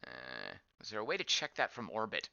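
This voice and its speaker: Man, game commentary, bright forceful voice, lively pitch, dry dull lo-fi sound. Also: fairly quick, gravelly, no room sound. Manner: thinks aloud, wondering and reacting to the screen. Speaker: game streamer. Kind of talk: casual gameplay commentary.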